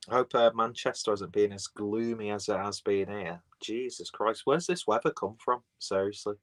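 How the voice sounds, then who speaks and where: A man's voice: lowish voice, rough recording. A man chatting casually on a live beer stream, rambling and reading out viewer comments from his phone.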